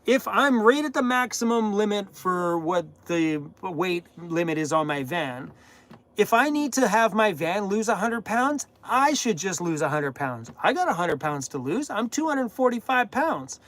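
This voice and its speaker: A man hosting a live-stream Q&A from inside his camper van, jokey and animated, laughing at his own jokes. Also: sits high, measured pace. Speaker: van-life channel host.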